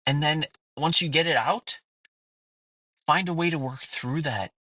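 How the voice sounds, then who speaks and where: A man's voice: fairly high pitch, measured pace, bright, forceful tone, no room sound, low-quality recording. A man in his thirties hosting a podcast, talking in a candid personal monologue, blunt and earnest with plenty of swearing and fillers. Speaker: podcast host.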